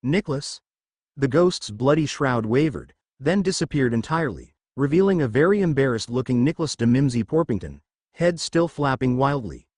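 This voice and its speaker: A man reading fan fiction aloud as a storyteller, in a lively, expressive way. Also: mid-range voice, a little fast, dry recording, studio quality.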